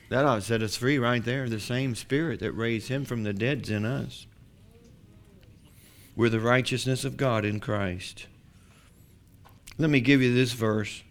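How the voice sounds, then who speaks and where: A man's voice: medium pitch, moderate pace. A man preaching a sermon as pastor, building to emphatic declarations.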